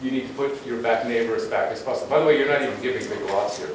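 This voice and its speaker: A man's voice: mid-range voice, racing. A man giving a slide presentation on town planning, talking bluntly and conversationally with frequent restarts. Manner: emphatic and conversational, with blunt asides. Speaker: guest lecturer on urban planning. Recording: very echoey room, distant mic, faint noise.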